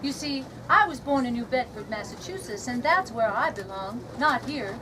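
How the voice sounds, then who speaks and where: A woman's voice: on the high side, expressive, normal speed, noisy background, lightly acted. A woman playing a polite, puzzled young Alice who keeps asking questions, in an outdoor comedy skit. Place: outdoor reenactment event. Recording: distant voice amid outdoor crowd.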